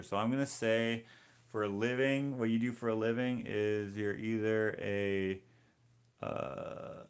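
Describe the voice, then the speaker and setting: Man from Canada, live-stream artist; low and gravelly, rambling chat that reads comments aloud. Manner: rambling, self-interrupting, easygoing. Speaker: finger painter streaming live.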